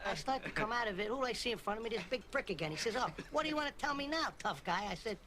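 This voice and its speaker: An actor playing a volatile, swaggering mobster who curses constantly, in a film scene. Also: male voice, very high-pitched, lively intonation, pushed and bright, exaggerated voice. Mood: boastful storytelling. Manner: profane, quick-tempered, swings from jokey to menacing. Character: volatile, swaggering male mobster, middle-aged. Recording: noisy film audio played back.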